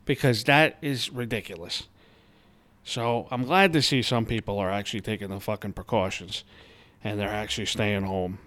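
A man's voice: fairly low pitch, normal speed, no echo. A young man, ranting and swearing a lot as he talks through a casual podcast monologue from home. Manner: animated, heavy swearing, ranting. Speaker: podcast host.

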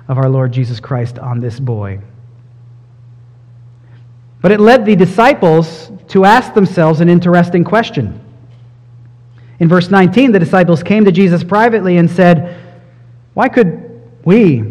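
High-voiced man preaching in an echoing hall. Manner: earnest, emphatic preaching with rising intensity. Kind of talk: expository sermon.

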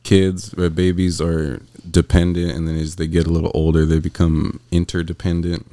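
A man's voice: low voice, completely flat delivery, moderate pace, dark tone, no echo. A man, co-hosting a casual podcast, telling stories about his family and laughing often. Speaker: podcast co-host, father. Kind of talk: casual chat.

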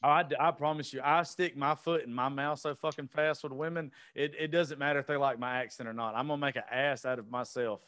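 A man's voice: mid-range voice, fairly even intonation, quick pace, hardly any pauses, fairly bright tone, clear, resonant tone, no room sound, studio quality. A man, chatting casually and telling rambling stories with plenty of swearing. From US South. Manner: rambling storyteller, swears freely. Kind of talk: casual chat.

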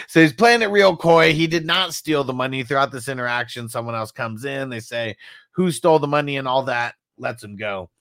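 Gravelly man chatting about a movie. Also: medium pitch, moderate pace, fairly bright tone, dry recording, studio quality. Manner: laughs often, fillers, imitates punch sounds. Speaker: podcast co-host. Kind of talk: casual movie review chat.

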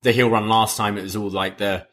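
A man's voice: fairly low pitch, level tone, brisk. A British man co-hosting a wrestling podcast, chatting casually and now and then mimicking wrestlers. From Britain. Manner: mimics wrestlers in loud put-on voices. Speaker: podcast co-host. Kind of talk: casual chat.

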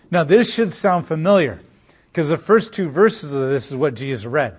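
A man's voice: on the high side, lively intonation, normal speed, husky. A man preaching a sermon, explaining scripture in a loose, conversational storytelling way. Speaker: pastor.

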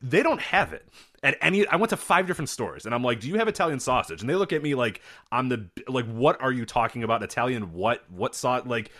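Lively fast-talking man. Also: mid-range voice. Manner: animated storyteller, acts out voices in anecdotes. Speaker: podcast co-host. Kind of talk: casual chat.

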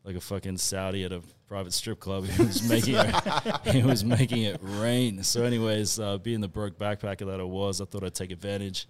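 Laid-back Australian bloke telling a story. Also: male voice, fairly low pitch, level tone, brisk, hardly any pauses. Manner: laughing, swearing, rambling anecdote. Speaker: podcast co-host. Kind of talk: casual storytelling among mates.

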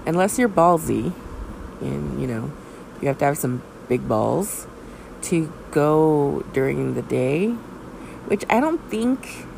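Woman podcast host, slow and unhurried, frank and rambling; noisy background with air-conditioning hum. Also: low-pitched, creaky. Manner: rambling, filler-heavy, frank and a bit crude. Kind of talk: casual podcast chat.

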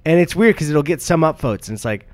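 A man's voice: on the high side, expressive, quick pace, no room sound. A young man co-hosting a podcast, telling rambling stories in casual chat and laughing often. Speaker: podcast co-host.

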